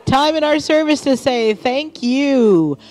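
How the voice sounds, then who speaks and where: A woman reading church announcements and thanking volunteers in a friendly, unhurried way during a service. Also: sits high, lively intonation, a little mellow. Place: church sanctuary.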